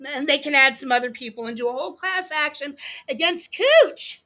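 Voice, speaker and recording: A woman's voice: high voice, fairly quick, pushed and bright. A woman hosting a livestream, reacting to a clip with profane, heated, laughing commentary. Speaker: livestream host. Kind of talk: casual commentary stream.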